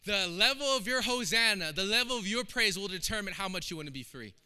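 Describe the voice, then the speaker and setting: A man's voice: high voice, animated, brisk, bright, forceful tone, clear, resonant tone. A man preaching a sermon in a church, emphatic and impassioned, repeating phrases for weight. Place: church sanctuary. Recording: long hall reverb.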